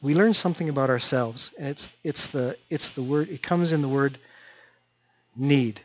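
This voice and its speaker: A man's voice: medium pitch, moderate pace. A male pastor preaching a sermon in a conversational way, driving points home through repetition. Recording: dull dry recording.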